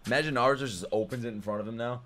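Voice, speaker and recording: A young man reacting to an anime episode in casual, jokey commentary, swearing freely and yelling at big moments. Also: mid-range voice, rapid-fire, background noise. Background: anime audio and music playing.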